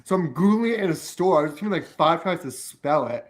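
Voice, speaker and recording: A man's voice: a little high, animated, fairly quick. A man from the United States telling a casual story, exasperated and swearing.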